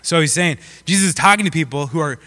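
A man's voice: on the high side, fast, pushed and bright. A young man giving a casual, joking sermon to a live audience. He rambles with many fillers and asides. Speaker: pastor. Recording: long reverb of a hall.

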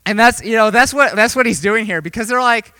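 A man's voice: high-pitched, brisk, bright, forceful tone, smooth, no room sound. A young man preaching a casual, joking sermon, rambling with lots of fillers. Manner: rambling, filler-heavy, jokey. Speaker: youth preacher.

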